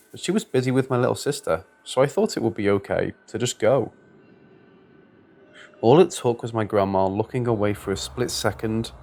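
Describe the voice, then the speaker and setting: A man narrating true scary stories, steady and measured in his reading. His voice sits on the low side. It is a scripted narration for a story channel.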